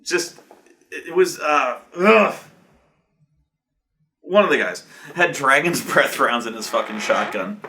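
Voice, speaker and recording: A man's voice: medium pitch, animated, slow pace, long pauses, bright, forceful tone, a little hiss or hum. A man recounting a tabletop game session as game master, rambling and profane, with restarts and acted-out quotes from the players. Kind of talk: casual profane storytelling.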